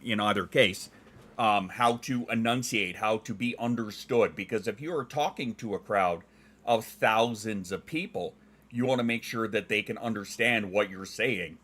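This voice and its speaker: Casting note: middle-aged Western Canadian guy, lowish voice, crisp ex-DJ diction, jokey stream chat. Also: normal speed, a bit bright. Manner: clear enunciating, trained voice; joking, dad jokes. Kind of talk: casual chat reading viewer comments.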